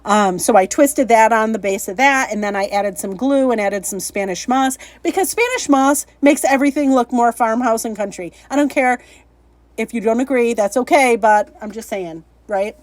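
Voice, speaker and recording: Cheerful and talkative, a female craft vlogger laughs a lot and jokes about her own mistakes while teaching a casual tutorial. She speaks at normal speed in a slightly high voice, with no room sound.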